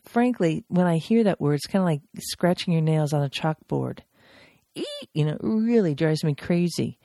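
A woman crisis intervention trainer giving an instructional podcast talk, emphatic and animated when she acts out examples. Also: deep voice, moderate pace, vocal fry, no echo, studio quality.

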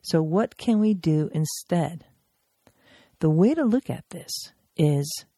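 A woman crisis intervention trainer giving an instructional podcast talk, emphatic and animated when she acts out examples. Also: low voice, slow, dry recording, clean studio sound.

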